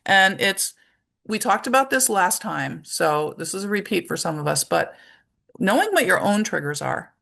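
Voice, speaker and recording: A middle-aged woman presenting a parenting workshop in a conversational way, acting out short examples and filling her pauses with "um". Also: medium pitch, lively intonation, vocal fry, a bit bright. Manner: conversational, with many fillers and acted-out examples. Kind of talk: informal presentation talk.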